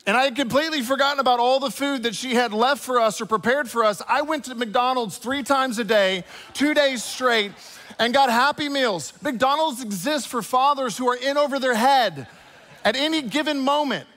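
Man, 30s, pastor, sermon, high-pitched, animated storytelling, chatty asides to the congregation, long hall reverb. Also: normal speed.

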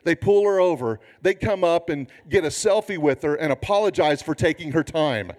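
A man in his fifties, a pastor preaching a sermon with humorous, animated storytelling. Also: a little high, normal speed.

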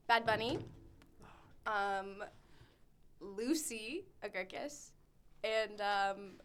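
A woman's voice: mid-range voice, drawn-out words, fairly bright tone. A young woman answering questions in a casual chat, playful and giggly.

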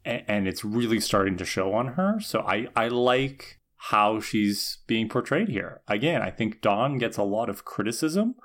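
A man's voice: on the low side, expressive, unhurried, hardly any pauses, fairly bright tone. A man co-hosting a casual podcast, talking thoughtfully with some hesitant restarts. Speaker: podcast co-host. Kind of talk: casual discussion.

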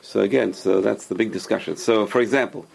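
A man's voice: on the low side, fairly quick, vocal fry. A man, a rabbi, teaching a class and explaining patiently with many examples and questions.

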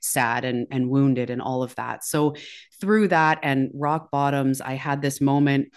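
A woman's voice: rumbling low, measured pace, clear, resonant tone. A woman speaking as a podcast guest, candid and confessional as she tells her own story. She talks openly, throws in curse words without hesitation and keeps a loose, conversational flow. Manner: frank, swears freely, confessional.

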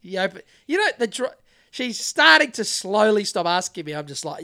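A man's voice: high-pitched, sing-song, normal speed, creaky, bright, forceful tone. A middle-aged man, hosting a podcast and telling rambling, sweary stories in a laid-back way. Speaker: podcast host. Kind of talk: casual chat.

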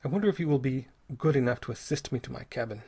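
A man voicing a small stout gentleman who has been poisoned, speaking quietly in measured, formal sentences. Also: medium pitch, expressive, creaky, slightly rough. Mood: grave.

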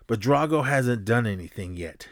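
Male podcast host, casual film recap, animated and rambling, acts out scenes, average pitch, dry recording. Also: normal speed, no echo. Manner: animated storytelling, acts out scenes with sound effects; loose and rambling, many fillers and restarts.

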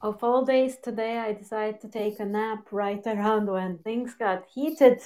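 A woman's voice: medium pitch, steady tone, unhurried, darkish tone. A woman co-hosting a casual chat show, telling stories with frequent laughs. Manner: laughs often, chatty storytelling. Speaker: co-host.

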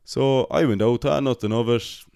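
A man's voice: medium pitch, moderate pace, gravelly, darkish tone, dry recording, studio quality. A young man telling a rambling, casual story about his cinema job. He swears often and pokes fun at himself. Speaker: podcast host, cinema worker.

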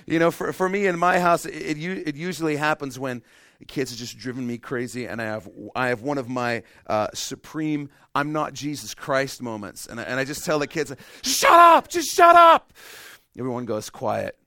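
A middle-aged male pastor preaching a sermon, telling stories with self-deprecating humor and swinging between loud emphasis and hushed, quiet stretches. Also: medium pitch, moderate pace, no room sound, studio quality.

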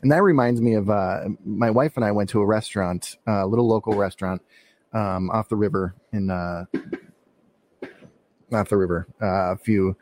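Guy on a podcast rambling with lots of uhs, gets real excited sometimes, dry mic. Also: on the low side, moderate pace, no echo. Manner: rambling with many fillers, sudden bursts of enthusiasm. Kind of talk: casual podcast conversation.

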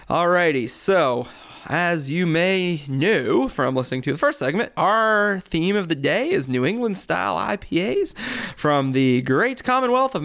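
A man hosting a casual beer podcast, upbeat and steering the talk between segments. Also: fairly high pitch. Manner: lively, upbeat, steers the show along. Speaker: podcast host.

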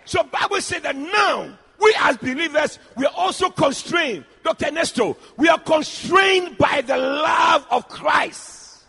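Male preacher, very high voice, gravelly, bright and forceful, shouting, repetitive sermon chants. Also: expressive, unhurried.

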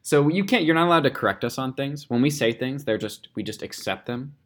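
A man's voice: medium pitch, animated, fairly quick. A man co-hosting a casual podcast, chatting playfully with lots of fillers. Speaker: podcast co-host. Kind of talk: casual chat.

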